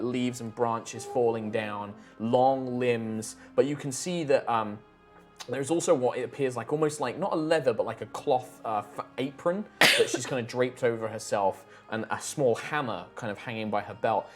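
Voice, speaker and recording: A woman's voice: rumbling low, moderate pace, faint music behind. A woman narrating a tabletop game as game master, loose and casual, with plenty of fillers.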